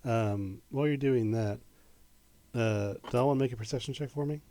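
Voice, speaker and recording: A man running a tabletop game as game master, narrating in a halting way with many fillers and restarts. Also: medium pitch, warm tone, dry recording.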